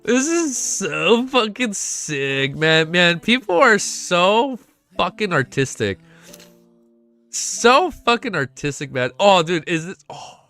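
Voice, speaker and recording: A young man hosting a casual livestream, excitable and swearing often, reading chat aloud. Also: high voice, slow. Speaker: livestream host. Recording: faint music behind.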